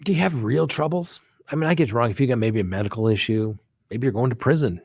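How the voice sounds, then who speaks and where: A man's voice: mid-range voice, fast talker, gravelly, a little mellow, breathy edge, no room sound. A man hosting a live show as a criminal defense attorney, talking casually in a folksy way with frequent "right?" asides. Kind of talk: casual live-stream talk.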